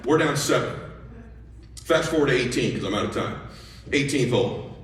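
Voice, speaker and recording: A middle-aged man telling a story as a motivational speaker, animated and excitable, with casual profanity. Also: mid-range voice, normal speed. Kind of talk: energetic storytelling speech. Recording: echoey hall, voice from far off.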